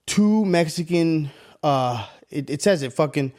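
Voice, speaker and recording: A man co-hosting a podcast, telling a long story in a casual, profane, animated way. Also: a little high, unhurried. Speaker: podcast co-host.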